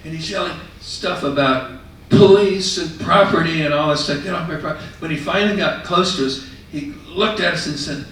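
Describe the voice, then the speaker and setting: Guy storyteller, chatty and animated, far from the mic in a really echoey room. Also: on the high side, normal speed, hardly any pauses. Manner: conversational, animated retelling. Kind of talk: told personal story to an audience. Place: retirement residence common room.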